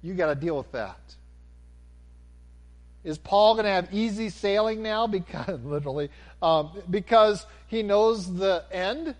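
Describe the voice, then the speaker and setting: A man preaching a sermon, animated, swinging from near-shouts down to a calm, low delivery. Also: measured pace.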